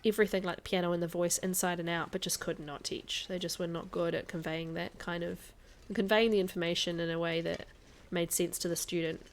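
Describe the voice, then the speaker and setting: A woman's voice: fairly low pitch, steady tone, a little fast, hardly any pauses. A woman streaming a video game, chatting casually with her viewers, answering their comments and laughing often. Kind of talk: casual live-stream chat while playing.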